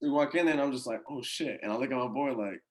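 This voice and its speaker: A man who coaches college baseball, telling a story in a casual podcast chat, animated and full of slang and swearing. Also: mid-range voice, racing. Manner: animated, slangy and profane, with many acted-out quotes.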